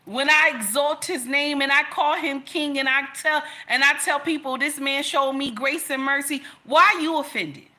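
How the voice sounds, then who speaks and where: Addressing the camera directly, this commentator delivers an impassioned, scolding rant, repeating points for emphasis. Her voice sits high with a sharp tone, and she keeps a normal speed with few pauses.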